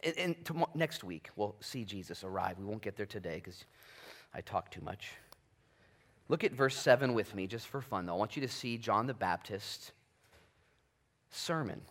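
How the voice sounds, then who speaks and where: Animated man preaching a sermon. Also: lowish voice, normal speed. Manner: conversational and animated, swings from loud to quiet. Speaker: pastor. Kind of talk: expository sermon. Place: church sanctuary.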